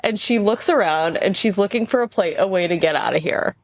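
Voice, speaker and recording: A woman's voice: medium pitch, fairly quick. A woman playing a tabletop game, narrating her character in a playful, breezy way. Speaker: player. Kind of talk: comedic tabletop role-play.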